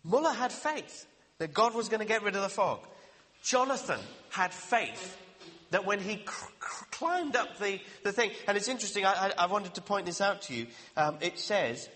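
Lively high-voiced man preaching in a hall. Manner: earnest, questioning, slows down for emphasis. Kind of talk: sermon. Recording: reverberant hall.

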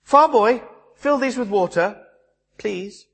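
A man's voice: very high-pitched, animated, takes it slowly, creaky, a bit bright, husky, voice pushed up, heavily acted. Imperious young maiden, put on by a male preacher, raised voice, demanding, echoing hall. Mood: bossy. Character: bossy young woman ordering a farm boy.

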